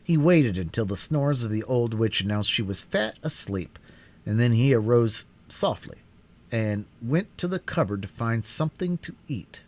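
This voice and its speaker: A man narrates a storybook aloud with a lively, animated voice that swings freely up and down. His pitch is mid-range and his delivery stays expressive throughout. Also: moderate pace. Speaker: reader. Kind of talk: live storybook reading.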